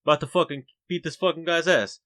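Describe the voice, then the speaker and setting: A man imitating an aggressive, hot-headed man who swears at a stranger and threatens to fight him. His voice runs a little higher than his usual talk. The delivery is fast and bright, like a rough retelling. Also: close to an everyday voice. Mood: angry, threatening. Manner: aggressive, profane, cursing.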